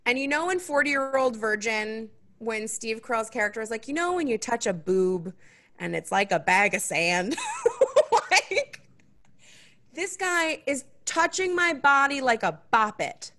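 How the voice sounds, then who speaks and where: A young adult woman hosting a podcast, telling a story in a casual chat and acting out other people's lines with big jumps in pitch. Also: expressive, unhurried, sharp tone.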